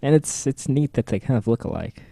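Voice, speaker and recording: A man's voice: medium pitch, expressive, brisk, vocal fry, warm tone, no room sound, clean studio sound. A man co-hosting a podcast, chatting casually about TV episodes with joking, sarcastic asides. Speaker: podcast co-host. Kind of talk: casual TV recap chat.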